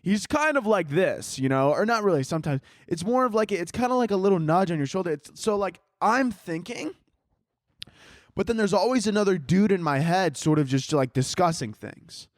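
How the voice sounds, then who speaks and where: A man hosts his own podcast solo, holding a handheld mic and rambling through tangents in a casual, jokey, profane way. His voice is high-pitched and expressive, a little fast, and the studio recording is clean with no room sound.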